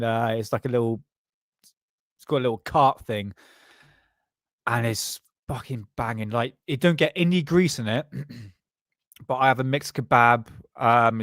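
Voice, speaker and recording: A man's voice: mid-range voice, a bit bright, no room sound, clean studio sound. A man hosting a live stream, chatting in a rambling, loose way with frequent swearing and laughter while stoned. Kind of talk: casual live-stream chat.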